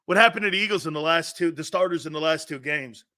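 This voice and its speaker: A middle-aged man hosting a sports talk show, ranting loudly and mocking rivals. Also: a little high, fast talker. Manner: loud, mocking, puts on voices and laughs often. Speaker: sports radio host. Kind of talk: animated sports talk rant.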